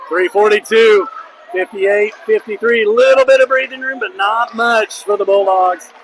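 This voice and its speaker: A man calling a high school basketball game play-by-play, excitable and openly rooting for the home team. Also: moderate pace. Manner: excitable, openly biased toward the home team, shouts on big plays. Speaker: play-by-play commentator. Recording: noisy gym crowd behind. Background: crowd noise.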